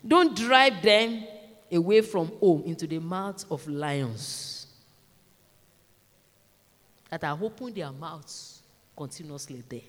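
A woman's voice: fairly low pitch, animated, slow. A woman preaching a sermon in a church, urging and repeating her points to the congregation. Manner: emphatic, repeats exhortations, addresses the congregation directly. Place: large church. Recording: long church reverb.

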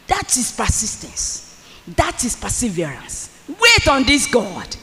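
A fervent preacher in full flow, repeating phrases for emphasis and breaking into shouts. The voice is bright and cutting, and the pitch swings widely. Long reverb from a church hall hangs on every word. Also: huge pitch swings, takes it slowly, slight background noise. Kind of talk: sermon.

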